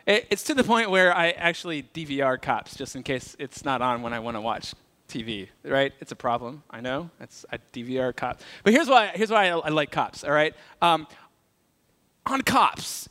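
A man's voice: a little high, animated, normal speed, sharp tone. A male pastor preaching a conversational sermon, telling jokes and stories. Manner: conversational, joking storyteller. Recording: reverberant church hall.

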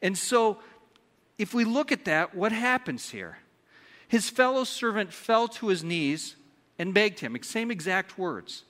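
A man's voice: sits high, very animated, unhurried, sharp tone. A man preaching a sermon as a pastor, playful and joking, often putting questions to the congregation. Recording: long hall reverb.

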